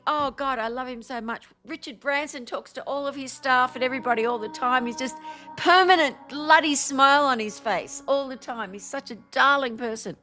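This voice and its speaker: A woman's voice: on the high side, fairly quick, fairly bright tone, soft background music. A woman hosting an online spiritual event, chatting effusively and guiding a meditation, with frequent laughs. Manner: bubbly and effusive, laughs often. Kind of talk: guided meditation and livestream chat.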